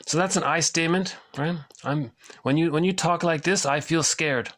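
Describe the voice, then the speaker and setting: A man's voice: fairly high pitch, moderate pace, a bit bright. A man giving an informal spoken lesson, explaining ideas conversationally, often restarting sentences and ending points with "right?". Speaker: lecturer on psychology.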